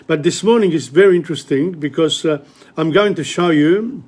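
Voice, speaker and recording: A man hosting a live-streamed literature lesson, speaking casually, often pausing mid-sentence to search for words. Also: on the high side, darkish tone. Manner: switches between English and Italian.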